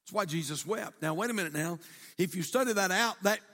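A man's voice: high voice, brisk, bright, forceful tone. A man preaching a sermon, repeating himself for emphasis and asking the congregation questions. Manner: repetitive, emphatic, conversational, asks the congregation questions. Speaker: pastor. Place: church sanctuary. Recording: reverberant church hall.

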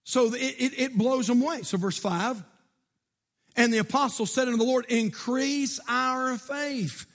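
A pastor preaching to his church, swinging from quiet teaching to shouted exhortation. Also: extremely high pitch, unhurried. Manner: preaching with rising shouts and call-outs to the church. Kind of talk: sermon.

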